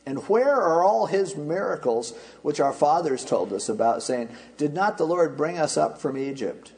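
A man's voice: fairly high pitch, animated, moderate pace, gravelly, darkish tone. A man preacher voicing a doubting young Israelite farmer, sarcastic and complaining to God. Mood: sarcastic complaint.

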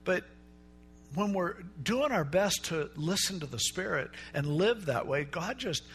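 A middle-aged male pastor preaching a sermon in a relaxed, conversational way, telling stories and acting out the people in them. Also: high-pitched, a little slow, faint music behind. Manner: conversational storytelling preacher, acts out quoted voices.

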